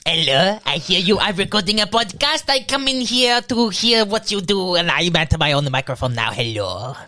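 A brash male photographer who barges into the room and snaps pictures, speaking in blunt, broken English, as a woman puts him on. The voice sits very low for a woman and is delivered cheerfully and without apology. It suits a comedy podcast sketch. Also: sing-song, moderate pace, bright, forceful tone. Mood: cheeky.

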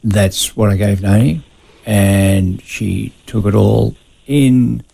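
A man speaking as a radio interview guest, measured and confessional about his past. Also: lowish voice, vocal fry, warm tone, breathy edge, low-quality recording. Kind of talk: personal testimony in a radio interview.

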